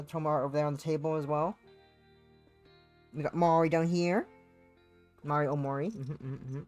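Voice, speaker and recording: This game streamer, a young adult woman with a deep voice, reads a visual novel aloud on her live stream. Her chatter is playful and rambling, circling back on itself and drifting into sing-song moments.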